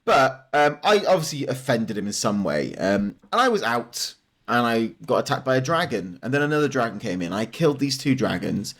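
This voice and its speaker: Man podcast co-host, mid-pitched voice, rambling anecdotes, chuckles a lot. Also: big pitch swings, brisk, fairly bright tone. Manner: rambling anecdotes broken up by laughter. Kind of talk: casual gaming chat.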